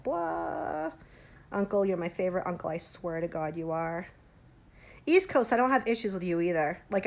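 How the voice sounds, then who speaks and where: A woman in her forties, tipsy, hosting a livestream and rambling and pleading straight to her viewers. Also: medium pitch. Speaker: livestream host.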